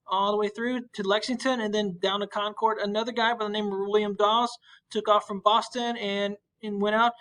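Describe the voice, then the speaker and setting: A man's voice: high voice, pushed and bright, low-quality recording. A man teaching a recorded history lesson, talking casually with many fillers and restarts over a shared screen.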